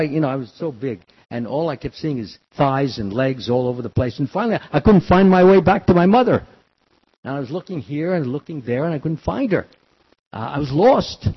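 An older man from the Bronx giving a storytelling sermon, acting out children's cries in a high voice. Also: breathy edge. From the Bronx, New York. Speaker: devotional speaker. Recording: dull lo-fi recording.

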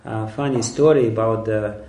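A man's voice: on the low side, steady tone, moderate pace, dark tone. A man giving an emphatic sermon on scripture, often laughing. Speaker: lecturer on scripture. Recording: echoey room.

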